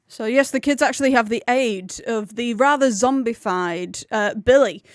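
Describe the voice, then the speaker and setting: A woman's voice: fairly high pitch, moderate pace, dry recording, clean studio sound. Breezy woman hosting a livestream. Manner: rambling, self-correcting, breezy. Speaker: livestream film club host. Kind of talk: casual chatty commentary.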